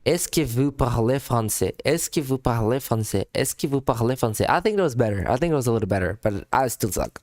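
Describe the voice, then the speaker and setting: A man's voice: mid-range voice, expressive, a little fast, few pauses, darkish tone. Male streamer, casual and self-deprecating, repeats lines, swears, laughs a lot. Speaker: streamer reacting to a French lesson. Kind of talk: casual live-stream reaction.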